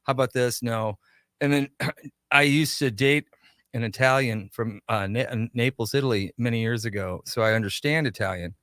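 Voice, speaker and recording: A man's voice: medium pitch, normal speed, no echo, studio quality. Chatty man telling shop stories. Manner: animated anecdotes with quoted dialogue. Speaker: shop owner guest. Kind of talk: casual radio interview storytelling. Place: radio studio.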